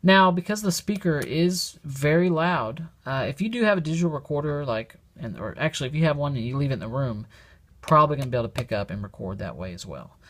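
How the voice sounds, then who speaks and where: A man's voice: on the high side, animated, quick pace, a bit bright. A man giving a casual how-to demonstration, explaining each step plainly and thinking aloud. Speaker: product demonstrator. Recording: very noisy home recording.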